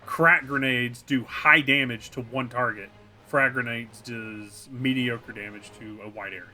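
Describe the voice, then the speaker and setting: A man co-hosting a casual gaming chat, recapping a video game in a rambling, animated way and acting out scenes as he goes. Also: mid-range voice, measured pace. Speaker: co-host.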